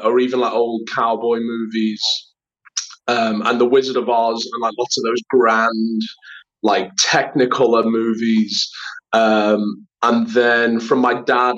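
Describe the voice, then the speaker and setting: A man's voice: mid-range voice, little pitch movement, unhurried, a bit bright. Chatty man telling stories. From Liverpool, England. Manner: chatty storyteller, acts out quoted voices, many fillers. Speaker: actor and writer, guest. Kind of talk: casual interview chat. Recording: slightly dull lo-fi sound.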